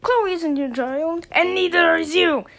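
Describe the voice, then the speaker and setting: A woman's voice: extremely high pitch, a little slow, a bit bright. A woman voicing a cheeky, troublemaking young male bird pupil who mutters back-talk. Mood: sassy.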